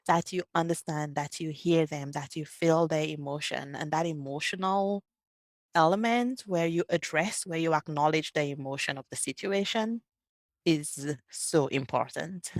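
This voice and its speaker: Lower-voiced woman hosting an interview. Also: moderate pace, no room sound, clean studio sound. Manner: affirming, recaps points and asks follow-ups. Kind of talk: conversational interview.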